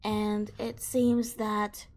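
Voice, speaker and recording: A helpful male official hands out quests in a tabletop game, voiced by a woman with little change from her own voice. He talks in a plain, informative, unhurried way, at a middling pitch. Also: flat delivery, a little mellow.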